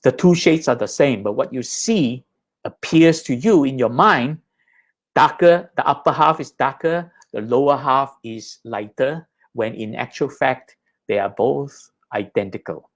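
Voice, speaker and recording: A man's voice: mid-range voice, measured pace. Patient man teaching Buddhist ideas. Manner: patient, explanatory, checks in with "right?" and "okay?". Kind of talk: lecture explaining slides.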